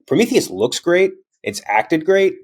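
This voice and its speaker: Enthusiastic swearing podcast co-host. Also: male voice, high-pitched, big pitch swings, a little slow, husky. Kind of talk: casual movie podcast chat.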